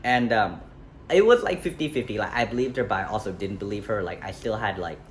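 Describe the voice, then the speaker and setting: A young man tells a personal story in a loose, casual vlog style. His voice sits on the low side, and he rambles, backtracks and leans on fillers. Faint outdoor ambience hums behind him. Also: animated, a little fast. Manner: rambling, self-correcting, many fillers and "like". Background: faint street ambience, passing traffic.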